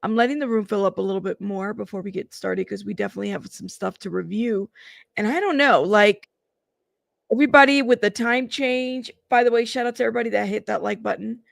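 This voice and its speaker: Tired woman hosting a live chat stream, friendly greetings, a bit of vocal fry. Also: medium pitch, fairly quick. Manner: chatty, greets viewers by name. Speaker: livestream host.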